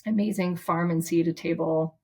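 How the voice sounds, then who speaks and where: A woman's voice: lowish voice, fairly even intonation, normal speed, dark tone, slightly rough. A woman therapist, a podcast guest, telling a story casually and from the heart, with lots of "like" and restarts.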